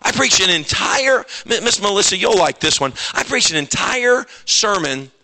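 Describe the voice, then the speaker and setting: Male pastor, high and sharply bright voice, animated preaching with shouted bursts. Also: moderate pace. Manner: animated, self-mocking storytelling with sudden shouts. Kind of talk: sermon.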